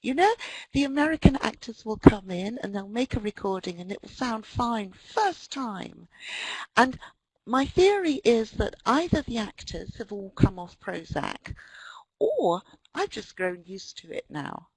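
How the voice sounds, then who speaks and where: British woman, husky voice, dry close mic, wry anecdotal lecture. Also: fairly high pitch, sing-song, measured pace, dry recording, poor audio. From Britain. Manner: wry, anecdotal, with frequent ums. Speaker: webinar presenter, English teacher trainer.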